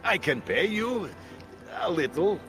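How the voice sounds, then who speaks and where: An actor playing a boastful, forgetful male Nord diplomat in a game, speaking in a halting, broken-English accent. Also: high voice, huge pitch swings, vocal fry, fairly bright tone, faint music behind, exaggerated voice. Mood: pompous. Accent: broken-English put-on accent. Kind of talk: game voice acting.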